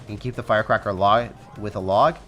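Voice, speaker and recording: A young man giving fast, excitable live commentary over his own gameplay, calling out to viewers as guys. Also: lowish voice, lo-fi sound. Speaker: game commentator.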